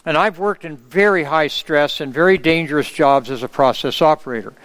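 A male preacher with a high, smooth and resonant voice delivers an earnest sermon. He sounds middle-aged and keeps checking in with the congregation for an amen. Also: brisk, fairly bright tone. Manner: earnest, asks the congregation for amens.

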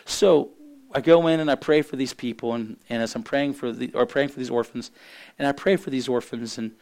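A man preaching and telling a personal testimony, halting and repeating words as he speaks. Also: mid-range voice, darkish tone. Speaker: minister. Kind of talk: sermon testimony.

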